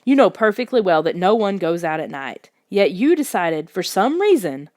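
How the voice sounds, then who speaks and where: A woman's voice: on the low side, big pitch swings, normal speed, a little mellow, no room sound, clean studio sound. A woman voicing a strict, angry father who lectures his son in a firm, scolding tone.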